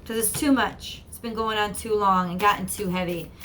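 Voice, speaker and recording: A woman's voice: mid-range voice, fairly even intonation, moderate pace, sharp tone, slight background noise. A woman giving an earnest, encouraging channeled tarot reading, often repeating herself. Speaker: tarot reader.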